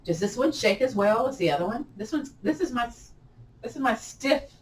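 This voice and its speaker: A woman teaching a gentle yoga class, chatty and encouraging, often laughing at herself. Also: a little high, lively intonation, moderate pace, roomy sound, far from the mic, slight background noise, low-quality recording. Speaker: yoga instructor.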